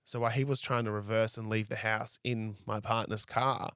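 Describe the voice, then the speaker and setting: A man's voice: lowish voice, steady tone, moderate pace, a bit bright, clear, resonant tone, no echo, studio quality. A young man, telling a story as a podcast guest in a casual, rambling way. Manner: rambling, frequent "like" and "I was like".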